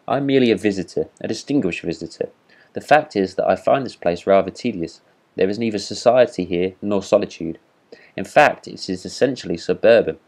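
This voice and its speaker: A boastful, self-important firework rocket looks down on everyone around him, as a man reading a storybook puts him on. The voice sits very low and speaks with haughty disdain. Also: a little fast, a little mellow. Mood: disdainful. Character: vain pompous boastful male firework rocket.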